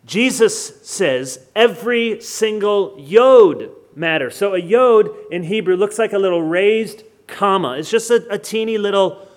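Emphatic American preacher with a high voice. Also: male voice, lively intonation. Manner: emphatic, slows down to stress key words, joking asides. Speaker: pastor. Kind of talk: expository sermon.

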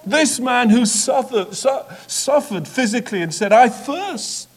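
His very high-pitched voice carries a sermon that builds measuredly and repetitively, swinging dramatically between quiet hushes and loud passages.

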